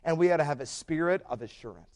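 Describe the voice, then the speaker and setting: A man preaching a sermon as pastor, swinging from hushed stretches to loud emphatic climbs. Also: fairly high pitch, expressive, fast.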